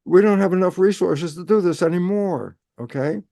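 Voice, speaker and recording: A man speaking as an interview guest, explaining in an animated way and answering his own rhetorical questions. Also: high-pitched, normal speed, vocal fry, no echo, clean studio sound.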